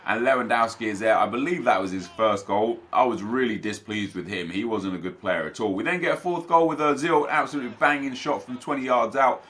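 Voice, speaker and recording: A man's voice: mid-range voice, a little fast, few pauses, a bit bright. A young man giving casual, chatty commentary over his own football video game matches for viewers. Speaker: gaming YouTuber.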